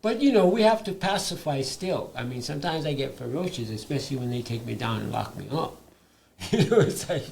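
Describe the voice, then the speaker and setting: Older man, gravelly, animated storyteller guest on a live panel, faint noise behind. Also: mid-range voice, fairly quick. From Hawaii. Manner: animated storyteller who laughs between points. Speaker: guest, indigenous elder and artist.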